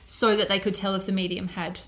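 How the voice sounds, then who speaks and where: A woman's voice: mid-range voice, level tone, quick pace, a bit bright. A woman hosting a casual chat, telling a history story with many fillers and easy laughs.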